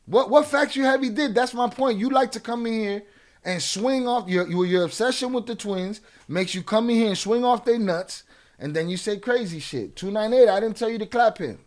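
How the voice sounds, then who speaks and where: A man's voice: sits high, moderate pace. A male streamer in a live-stream chat, arguing with commenters in a combative, profane way and often repeating and restarting his phrases.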